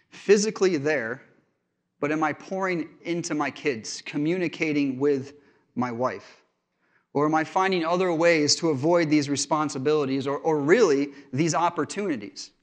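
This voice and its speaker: Man preaching a conversational sermon. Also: on the high side. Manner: conversational storytelling from family life. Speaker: pastor.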